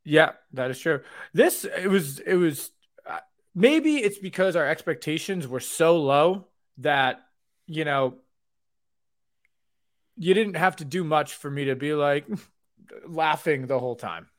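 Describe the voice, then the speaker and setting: A man's voice: on the high side, lively intonation, unhurried. A man co-hosting a podcast, ranting and joking with lots of swearing. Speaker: podcast co-host. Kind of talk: casual podcast banter.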